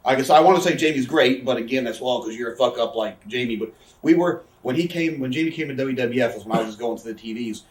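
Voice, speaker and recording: A man's voice: mid-range voice, fast talker, recorded from a distance. A man, telling rambling, profane backstage stories in a casual interview. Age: 30s. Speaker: interview guest, wrestler. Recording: echoey room, off-mic.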